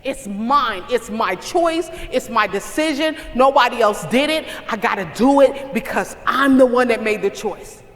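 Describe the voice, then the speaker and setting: Woman, motivational speaker, bright forceful voice, preacher-like repetition, echoey hall. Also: on the high side, lively intonation, measured pace, hardly any pauses. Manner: emphatic, repetitive preacher-like cadence; calls out to the audience. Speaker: conference speaker. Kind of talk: motivational speech. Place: conference hall.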